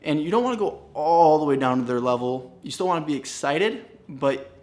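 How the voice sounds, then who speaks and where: An upbeat man coaching real estate agents on cold calls, speaking straight to the camera. His voice sits a little high for a man, and he keeps a smiling, energetic delivery while he stands. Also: fairly quick. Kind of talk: direct-to-camera teaching. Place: standing in a room.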